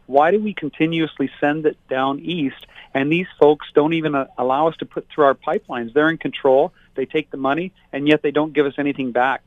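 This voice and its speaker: A man who is a political candidate, speaking forcefully and indignantly as a guest on a talk show. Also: mid-range voice, no echo. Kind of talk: talk radio interview by phone. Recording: tinny phone line.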